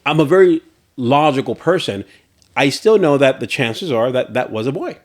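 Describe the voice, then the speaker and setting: Male podcast co-host, casual storyteller, acts out reactions, average pitch. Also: moderate pace. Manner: animated storyteller, laughs often, acts out reactions. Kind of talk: casual chat.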